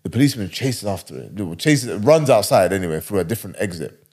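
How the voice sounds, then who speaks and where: A man's voice: fairly low pitch, lively intonation, quick pace, a little mellow, breathy edge. A man casually retelling a wild story, rambling and slangy.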